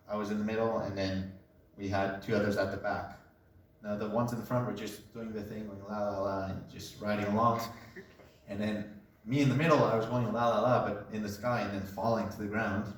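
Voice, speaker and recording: A man giving a personal testimony, telling his story in a conversational way and acting out events with gestures. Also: fairly low pitch. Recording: very echoey room, mic far off, faint noise.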